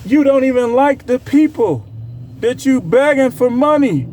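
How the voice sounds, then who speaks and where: A man with a high, light voice ranting in heated commentary. He scolds and mocks, his tone sarcastic and cutting, dropping low when he imitates the people he criticizes. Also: lively intonation, unhurried, a little mellow, a little hiss or hum. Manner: heated, scolding, sarcastic, swings pitch to mock. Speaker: commentary creator.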